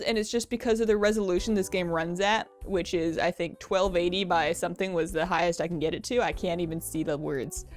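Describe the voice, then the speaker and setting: A woman's voice: on the low side, quick pace, few pauses. A woman giving let's play commentary, bubbly, giggly and self-mocking. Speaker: game streamer. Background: game music.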